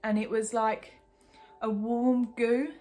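A woman's voice: fairly high pitch, slow, faint music behind. A young woman from England telling a personal story in a casual, candid way, full of "like". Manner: chatty, lots of "like", candid and animated. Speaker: vlogger.

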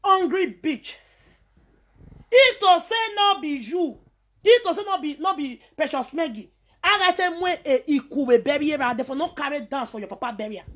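High-voiced Nigerian woman ranting. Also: animated, normal speed. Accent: Nigerian Pidgin English. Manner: heated, scolding, repeats herself. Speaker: social media personality. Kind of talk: angry ranting monologue.

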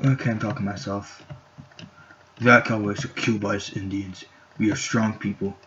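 A man's voice: lowish voice, flat delivery, normal speed, long pauses. Goofy young man rambling over gameplay. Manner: goofy, rambling, self-mocking. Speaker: gameplay commentator. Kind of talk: casual gameplay commentary. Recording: dull lo-fi home recording with faint noise.

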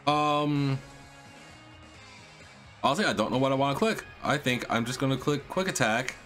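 A man hosting a video game let's play, excitable and slangy, cursing and talking to his viewers. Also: medium pitch, moderate pace, faint music behind. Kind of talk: casual gameplay commentary.

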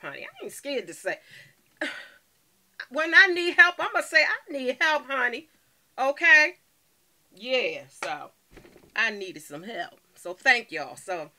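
A woman's voice: medium pitch, bright, forceful tone. A woman vlogging casually from home to her viewers, playful and calling everyone honey. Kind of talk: casual video chat to viewers.

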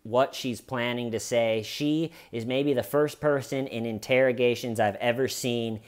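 A man breaking down an interrogation in a loose, chatty way. He is animated and wry, with dry dark humor, and often slips into quoting the people he talks about. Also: medium pitch, unhurried. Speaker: true crime commentator. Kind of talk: casual video commentary.

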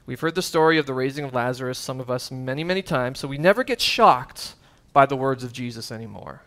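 A man preaching a sermon as pastor, animated and emphatic, with casual conversational asides. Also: mid-range voice, quick pace. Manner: conversational asides with fillers and chuckles.

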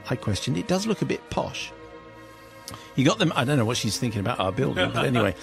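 A British man, a radio host, reads a listener's comic story aloud with lively, amused delivery and playful quoted voices. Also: a little high, gravelly.

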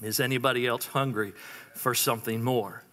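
A man's voice: mid-range voice, fairly even intonation, normal speed, fairly bright tone, big-room sound. A man preaching a sermon as a church pastor, calling out to the congregation for amens and responses. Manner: call-and-response preaching, repeated prompts to the congregation. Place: church sanctuary.

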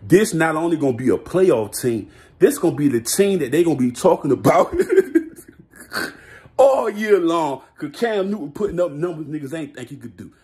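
An excitable man delivering a sports hot-take rant, boastful and full of street slang. His voice sits high for a man and leaps around the scale as he gets worked up, and he laughs often between his claims. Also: normal speed. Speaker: vlogger.

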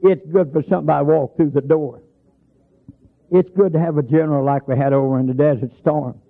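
Gravelly preacher on lo-fi tape. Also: male voice, a little high, fairly even intonation, a little fast. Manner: folksy storytelling, calls out scripture with emphasis. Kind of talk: holiness sermon. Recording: phone-like lo-fi sermon tape.

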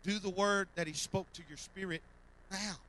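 A man preaches from a church platform, his voice bright and forceful and pitched a bit high. He builds to fervent loud calls, then drops soft and repeats his lines. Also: fairly even intonation, moderate pace, a little hiss or hum, rough recording. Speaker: pastor. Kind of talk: sermon. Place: church sanctuary.

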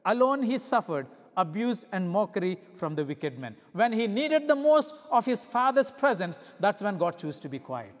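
High-voiced preacher in a reverberant hall. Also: male voice, sing-song, normal speed, few pauses. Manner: swings between loud emphatic peaks and hushed low passages; asks the congregation rhetorical questions. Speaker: visiting pastor. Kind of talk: sermon.

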